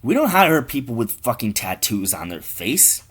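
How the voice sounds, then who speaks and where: A man's voice: mid-range voice, sing-song, normal speed, fairly bright tone, husky. A hostile bank teller, played by a man, clipped and dismissive. Every line is short and cold. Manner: curt, dismissive.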